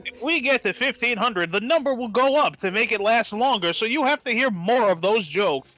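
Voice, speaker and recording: A man's voice: very high-pitched, expressive, normal speed, sharp tone, dull audio, faint music behind. A man co-hosting a stream who teases the others and makes mock-announcer appeals to the chat. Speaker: stream co-host. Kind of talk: playful banter.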